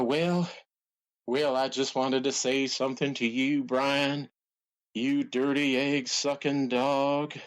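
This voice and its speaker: Man doing announcer impression, drawling, halting delivery, colorful insults, comedy podcast. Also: on the high side. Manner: hesitant, drawn-out, colorful put-downs. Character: folksy Southern wrestling announcer, blustery, easily riled.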